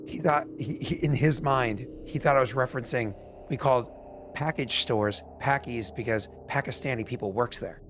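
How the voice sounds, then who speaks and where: A man's voice: mid-range voice, normal speed, fairly bright tone. A man with a New England accent chats loosely on a live tabletop stream. He swears freely and acts out the people he quotes. A faint hiss sits under his voice. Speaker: game master and stream host. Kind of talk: casual chat on a live stream.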